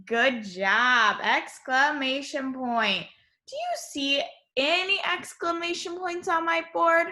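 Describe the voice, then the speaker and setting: A woman teacher giving an online lesson to young children, speaking in a slow, sing-song, encouraging way on a computer mic. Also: extremely high pitch, expressive, pushed and bright.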